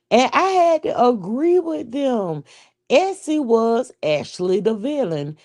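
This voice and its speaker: A woman's voice: lowish voice, darkish tone. A woman giving her blunt, rambling opinion on a show in casual, profane chat. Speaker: show commentator.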